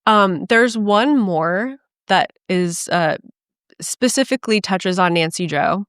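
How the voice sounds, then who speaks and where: Woman, casual podcast co-host, smooth clear voice, dry close mic. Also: medium pitch, no room sound. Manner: relaxed, halting, with many fillers. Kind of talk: casual chat.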